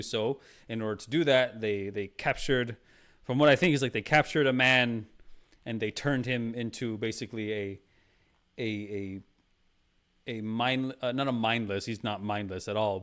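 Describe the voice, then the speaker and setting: Rambling streamer man, smooth voice. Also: medium pitch, a bit bright. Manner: rambling, filler-heavy, calls viewers "Mama". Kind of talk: casual review chat.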